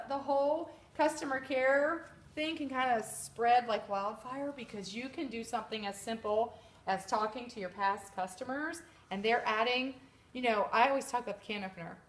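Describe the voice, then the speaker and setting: A woman giving a chatty, animated sales training talk to a live group, sometimes acting out customers' voices. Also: mid-range voice, moderate pace. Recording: echoey room with background noise.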